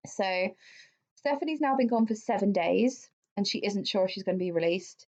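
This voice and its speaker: A woman with a medium-pitched, darkish voice speaks at normal speed and in an animated way as she co-hosts a podcast. She tells a true-crime case casually, swearing freely with plenty of fillers, over dull lo-fi sound.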